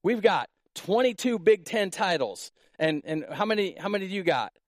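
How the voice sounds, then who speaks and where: A man preaching as pastor, talking in a loose, joking way and jumping into lively stories. His voice sits a little high for a man. The sound is close and dry. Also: normal speed, dry recording. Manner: casual, joking, animated storytelling. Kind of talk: sermon. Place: church in Iowa.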